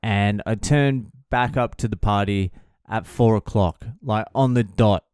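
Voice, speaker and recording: A man's voice: lowish voice, unhurried, darkish tone, clear, resonant tone, no room sound, clean studio sound. A man in his thirties telling a story in a casual, profane and exasperated way. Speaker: vlogger.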